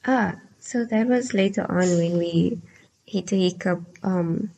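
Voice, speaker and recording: Gravelly-voiced young woman explaining calmly. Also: on the low side. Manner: measured, explaining step by step. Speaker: podcast co-host. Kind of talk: casual chat.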